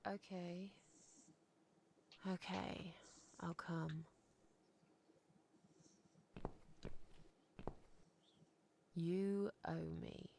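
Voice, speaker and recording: A woman's voice: lowish voice, level tone, extremely slow, gravelly, noisy background, exaggerated voice. An actress playing a reluctant, grumpy woman who dislikes babies and agrees only grudgingly. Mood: hesitant. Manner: hesitant and grudging, complains.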